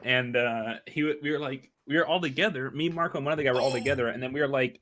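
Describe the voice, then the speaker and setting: A man chatting casually with a teammate during a game, telling quick stories with laughs. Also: mid-range voice, bright, forceful tone. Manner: fast storytelling with laughs. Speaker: fellow player. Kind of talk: casual gaming chat.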